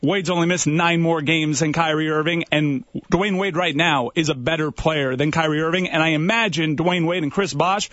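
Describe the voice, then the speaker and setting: Radio co-host guy, giddy and worked up, somewhat high voice, dry dull sound. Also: steady tone, moderate pace, hardly any pauses, a bit bright, no room sound. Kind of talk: sports radio banter.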